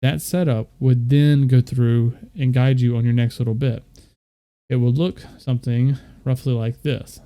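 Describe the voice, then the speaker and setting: Unhurried and steady, the streamer's mid-range voice carries a dark tone. He loosely explains his audio setup to viewers over screen share, rambling with fillers along the way.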